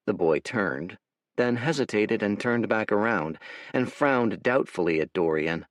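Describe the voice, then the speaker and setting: A man narrating an audiobook in a wry, animated storytelling manner, recorded close to the mic. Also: fairly low pitch, unhurried, dry recording. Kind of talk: scripted narration.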